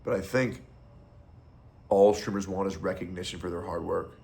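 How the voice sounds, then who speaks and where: Deep gravelly-voiced man ranting bluntly. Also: normal speed, dark tone. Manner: blunt, profane, opinionated. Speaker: streamer. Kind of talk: casual ranting monologue.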